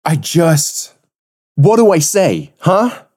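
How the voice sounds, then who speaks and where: A man co-hosting a podcast in casual chat, animated and rambling, swearing freely. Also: a little high, slow. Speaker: podcast co-host.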